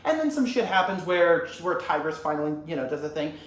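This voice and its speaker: A man's voice: a little high, sing-song, fairly quick. A young man who rambles and swears a lot as he retells a movie scene in a casual, comic way. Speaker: YouTuber. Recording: roomy echo, faint ambient noise.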